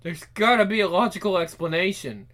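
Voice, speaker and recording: In a game voice-over playthrough, a man voices the hero, thinking aloud in a panic, talking to himself and swearing often. His voice is high-pitched, brisk and fairly bright.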